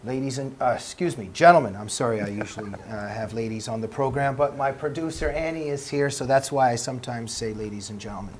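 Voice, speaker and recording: A man's voice: medium pitch, fast talker, hardly any pauses, a little hiss or hum. A man with a Canadian accent hosting a political panel talk show, formally introducing guests and cutting in with questions. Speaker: host.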